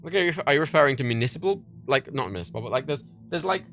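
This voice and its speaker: A man's voice: mid-range voice, animated, rapid-fire, a bit bright, faint music behind. A young man with a Liverpool accent, rambling and swearing casually on a livestream while reading chat, laughing often. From England.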